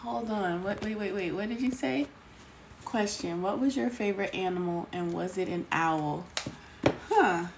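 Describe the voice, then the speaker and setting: A woman chats through a live tarot reading stream, greeting viewers by name. Her voice sits at an ordinary middle pitch. The home recording carries clear background noise. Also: measured pace. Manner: chatty, greets viewers by name, calls them sweetheart. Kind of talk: casual live-stream chat.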